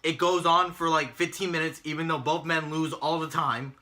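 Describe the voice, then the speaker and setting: A man's voice: a little high, steady tone, moderate pace, pushed and bright. A man co-hosting a casual talk show, ranting in an exasperated, mocking way and swearing often. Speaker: podcast co-host recapping wrestling. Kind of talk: casual profane rant.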